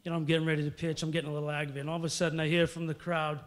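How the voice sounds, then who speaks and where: Middle-aged man, rambling storyteller at a podium, slightly high voice, big hall echo. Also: completely flat delivery, racing. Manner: rambling, storytelling, many fillers. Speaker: hall of fame inductee. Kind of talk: acceptance speech. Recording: long reverb of a large hall.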